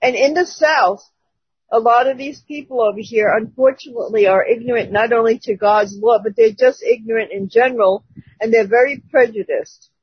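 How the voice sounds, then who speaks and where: A church member gives a personal testimony to her church group, chatting casually and laughing between phrases over a dull lo-fi call. Her voice is on the high side and husky, with a moderate pace and no echo.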